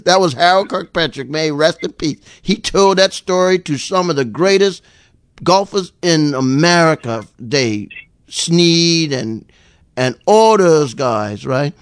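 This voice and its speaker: A middle-aged man from Bermuda chatting casually on a radio call-in show, rambling and repeating words as he tells animated stories. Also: high-pitched, unhurried, clear, resonant tone, no room sound, studio quality.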